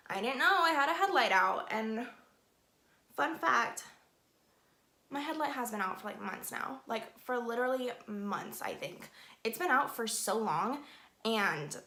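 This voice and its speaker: A young woman telling a story in a chatty, animated way, saying "like" often, while doing her makeup for a beauty vlog. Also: fairly high pitch, a little slow, pauses often. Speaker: beauty vlogger. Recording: echoey room.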